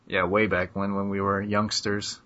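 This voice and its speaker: A man's voice: on the low side, completely flat delivery, moderate pace, a bit bright. Young man, podcast host, casual jokey chat, slightly muffled sound. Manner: loose and joking, lots of "uh" and "like".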